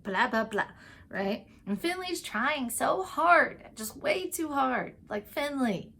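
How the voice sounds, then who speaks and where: A woman's voice: sits high, expressive, vocal fry, a bit bright. A woman giving a casual, gushing recap of TV episodes, chatty and full of "like" and "um", briefly acting out the characters' lines. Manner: acts out characters' lines in quick asides. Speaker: TV recap and tarot vlogger.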